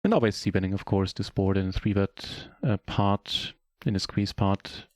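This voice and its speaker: A German man whose first language is German, chatting casually in a relaxed, self-deprecating way while commentating his own poker game on a live stream. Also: fairly low pitch, moderate pace, no room sound, clean studio sound.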